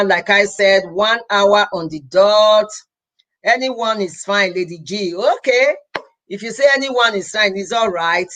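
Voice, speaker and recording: A woman's voice: mid-range voice, a bit bright. Earnest Nigerian woman pleading on a live stream. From Edo State, Nigeria. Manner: earnest, pleading, repeats words, mixes in Pidgin. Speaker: healthcare professional hosting a live stream. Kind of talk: casual live-stream address.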